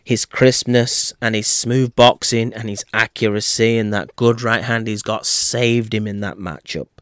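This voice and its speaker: Slow-talking wry man breaking down a boxing fight. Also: fairly low pitch, steady tone, fairly bright tone, clean tone, no echo, studio quality. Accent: put-on accent. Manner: playful and wry, with theatrical asides. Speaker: boxing commentator and channel host. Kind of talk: casual opinion monologue on a fight.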